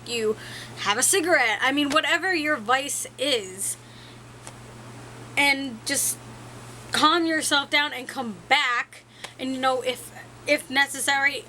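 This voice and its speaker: A woman's voice: sits high, pushed and bright, a little hiss or hum, low-quality recording. A young woman talking frankly to the camera in a rambling, self-mocking way. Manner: rambling, frank, laughs at herself. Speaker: vlogger. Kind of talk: casual talk to camera.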